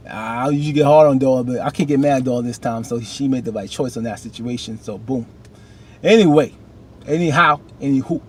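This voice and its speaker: Animated man recapping a TV episode. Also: medium pitch, a little fast, husky. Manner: animated, talks back to characters with rising outbursts. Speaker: TV recap vlogger.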